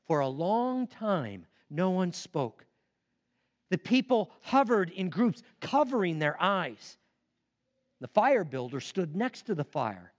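Male preacher, high-voiced and expressive, slow sermon storytelling. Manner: expressive, emphatic.

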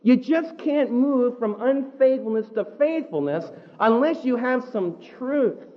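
A man preaching a sermon, animated, acting out the quotes he tells. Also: very high-pitched, unhurried, lo-fi sound. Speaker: pastor.

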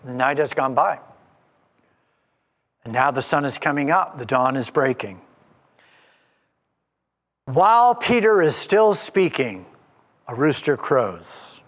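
A male preacher giving an expository sermon in a church, animated and emphatic, often repeating his points. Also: medium pitch, slow, pauses often, big-room sound.

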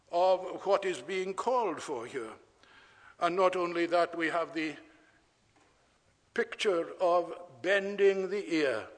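A man with a high voice preaches slowly and deliberately, stressing and repeating his key words. His sermon rings out with a long reverb, as in a church hall. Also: fairly bright tone.

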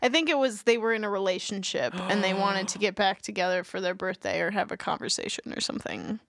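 A woman's voice: mid-range voice, fast, vocal fry, fairly bright tone, no room sound. A woman co-hosting a podcast in casual chat, playful and giggly, with a teasing manner. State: shivering with cold. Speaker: podcast co-host.

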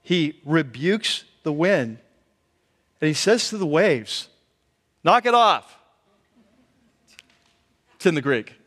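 A man preaching a conversational sermon as a pastor, telling the story in an animated way and acting out the quotes. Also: on the high side, unhurried. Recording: long hall reverb.

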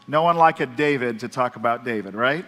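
Man, pastor, upbeat introduction, bright voice, reverberant church hall. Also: medium pitch, brisk, soft background music. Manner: upbeat, warm build-up to applause. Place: church sanctuary.

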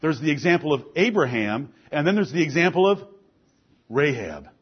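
A man preaches a sermon packed with rhetorical questions, moving between soft, low stretches and loud, raised ones. He's very animated at a moderate pace, his voice husky, and the highs are cut off.

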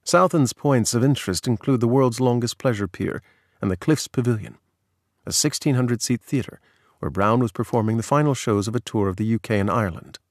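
A man reads a magazine article aloud in a measured, even storytelling manner. His voice sits at a middling pitch and sounds close and dry. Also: no room sound. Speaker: narrator. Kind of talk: scripted narration of a magazine article.

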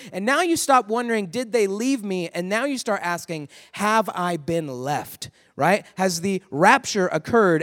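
High-voiced man preaching in a reverberant hall. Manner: conversational, storytelling, asks the crowd questions. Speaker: youth pastor. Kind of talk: sermon to students.

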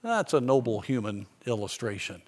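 A man preaching a sermon, telling a story in an earnest way and slowing down for emphasis. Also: mid-range voice, sing-song, breathy edge.

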